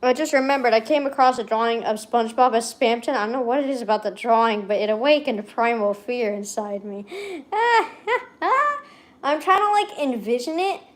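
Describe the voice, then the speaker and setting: Reading her old journal aloud during a casual stream, this young woman talks a little fast in a slightly high voice, barely pausing. Her chat is excitable and rambling, full of swearing.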